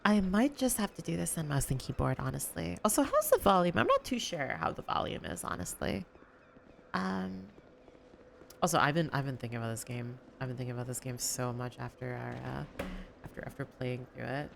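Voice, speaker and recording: A young woman rambles through casual gameplay commentary, full of fillers and the odd swear. Her voice sits low with a gravelly edge, though she sometimes pushes it higher on purpose. A faint hiss runs underneath. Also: animated, moderate pace. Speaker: gaming streamer.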